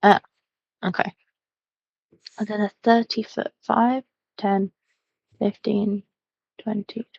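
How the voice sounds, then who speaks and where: Woman player, slow and hesitant, gravelly voice, dull dry recording. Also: medium pitch, little pitch movement, darkish tone, no room sound. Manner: hesitant, many ums and apologies. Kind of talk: playing a tabletop game.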